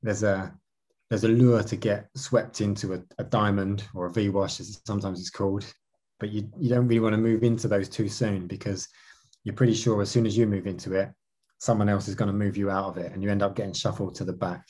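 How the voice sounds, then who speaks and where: A man's voice: on the low side, flat delivery, fairly quick, dark tone, slightly rough. A man answering interview questions about his racing career, talking animatedly with many restarts. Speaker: marathon canoe racer.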